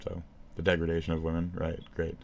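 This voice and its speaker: Low-voiced man ranting sarcastically, swearing often. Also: completely flat delivery, brisk, gravelly, darkish tone. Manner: sarcastic, rambling, swears constantly. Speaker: streamer commenting on another streamer. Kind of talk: profane ranting commentary. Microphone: phone recording.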